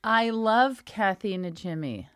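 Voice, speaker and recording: A woman's voice: mid-range voice, expressive, takes it slowly, a bit bright, clean tone. A woman co-hosting a podcast, making dry, teasing remarks in casual chat. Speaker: podcast co-host.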